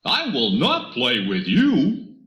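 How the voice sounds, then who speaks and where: A woman's voice: rumbling low, wildly swooping pitch, takes it slowly, a bit bright, roomy sound, exaggerated voice. A woman voicing a boastful, laughing male horse in a children's storybook recording, with a smug, taunting manner.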